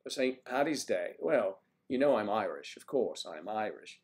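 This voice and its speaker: Man, fairly low voice, casual livestream chat, rambling. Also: lively intonation, moderate pace. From United States. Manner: rambling, chatty, wandering between topics. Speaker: livestream host. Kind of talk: casual chat answering viewer comments.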